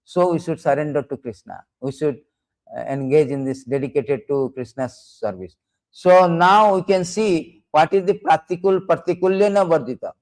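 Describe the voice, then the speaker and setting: A man's voice: fairly high pitch, normal speed, darkish tone, low-quality recording. A man giving a devotional lecture in non-native English, explaining points emphatically and repeating key words. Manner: repetitive, emphatic explaining with quoted scripture. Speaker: preacher.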